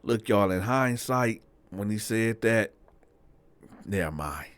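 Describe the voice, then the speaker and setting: A man telling a personal story in a relaxed, slangy, conversational way, close to the mic. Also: on the low side, takes it slowly, pauses often, no echo. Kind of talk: casual storytelling.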